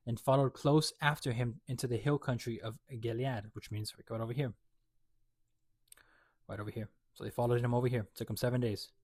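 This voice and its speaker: A man's voice: mid-range voice, a little mellow, dry recording. Laid-back man retelling scripture casually. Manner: reads a verse then retells it in slangy everyday words; loose and rambling, many fillers and restarts. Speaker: host explaining a Bible chapter. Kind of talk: casual Bible reading with commentary.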